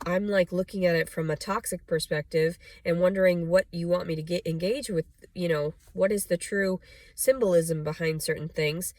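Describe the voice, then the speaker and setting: Rambling blunt woman, low and dry. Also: normal speed, a little mellow, no echo. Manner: rambling, frequent "like" and "you know", blunt and profane. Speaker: vlogger. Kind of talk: rambling personal monologue.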